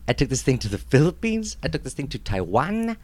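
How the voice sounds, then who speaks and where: A young adult man co-hosting a podcast, telling stories in animated, joking bursts with laughs. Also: medium pitch, brisk. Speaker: podcast co-host. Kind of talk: casual chat.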